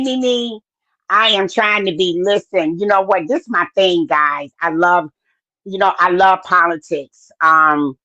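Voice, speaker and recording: Her voice is mid-range with a sharp edge as she runs a casual podcast live stream, using plenty of fillers and welcoming viewers by name. It's a dull, dry, lo-fi recording with no echo.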